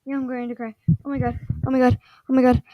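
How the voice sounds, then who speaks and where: High-voiced excitable woman gamer. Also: fast, no room sound, highs cut off. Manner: excitable, shrieks and gasps, rambling. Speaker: gaming vlogger. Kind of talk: casual gameplay commentary. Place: at home at night. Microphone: microphone on a stand.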